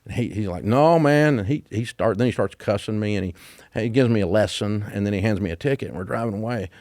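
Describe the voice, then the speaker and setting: A man in his sixties with a Southern American accent, spinning folksy stories with an easy chuckle. His voice sits a bit low. The sound is dry and close, with no room echo. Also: quick pace, a little mellow. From Deep South of the US. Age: 60s. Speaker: guest. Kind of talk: casual interview conversation. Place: office at his headquarters.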